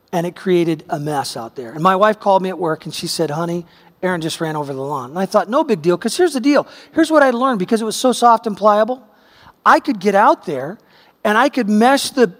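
A man's voice: high-pitched, long reverb tail. A middle-aged man preaching a sermon, telling a personal story in a conversational way that builds to emphatic peaks. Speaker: pastor.

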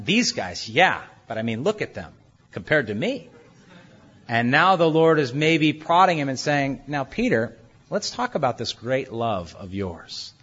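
A man's voice: very animated, measured pace, a bit bright, husky, dull audio. A man preaching a sermon, explaining scripture and acting out the quoted speakers in a shifting voice. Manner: expository, acts out the quoted speakers with shifting pitch and volume. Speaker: pastor.

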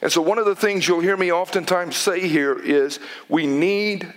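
A man's voice: high voice, unhurried, few pauses, a bit bright. A man preaching a sermon to a congregation, emphatic, often repeating words for stress. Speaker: pastor. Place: church.

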